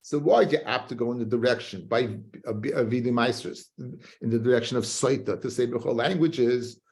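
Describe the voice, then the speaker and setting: Man, rabbi, Talmud class, gravelly voice, animated singsong. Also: medium pitch, fairly quick. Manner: animated, chanting study singsong with frequent restarts.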